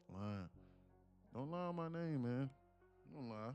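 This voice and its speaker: Guy live streaming his trades, joking w chat, animated voice, bit of rasp. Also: mid-range voice, slow, faint music behind. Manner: joking, reads chat aloud, puts on slang voices. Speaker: day-trading streamer.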